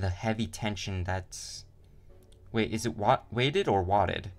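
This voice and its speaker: A man's voice: lowish voice, measured pace. A man casually reading a game's story aloud, often stumbling and correcting himself. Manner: stumbling, self-correcting reader. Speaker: streamer reading a game story. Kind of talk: casual game read-through.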